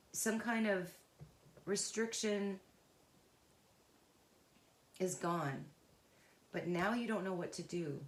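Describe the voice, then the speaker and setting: A woman giving an unscripted, intuitive tarot reading, earnest and emotionally involved, talking in a halting, searching way with pauses and restarts. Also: on the low side, echoey room. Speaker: tarot reader.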